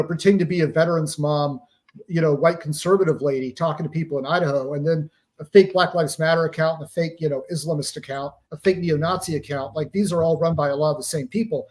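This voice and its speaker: A man with a fairly high voice speaks as an interview guest. He explains in a steady, lecturing way and leans on pop-culture comparisons to make his points. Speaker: guest author on psychological operations.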